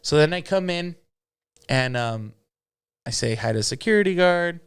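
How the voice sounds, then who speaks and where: Brief: mariachi singer, interview guest, smooth clear tone, lively anecdote teller. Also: male voice, on the high side, normal speed. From Los Angeles. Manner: lively storyteller who acts out quotes and mixes in Spanish. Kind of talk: casual storytelling in an interview.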